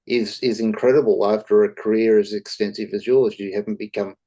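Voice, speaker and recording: A man's voice: on the low side, steady tone, a little fast, mellow, highs cut off. A man hosting a casual interview, asking questions and backing his guest with frequent short agreements. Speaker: interviewer host.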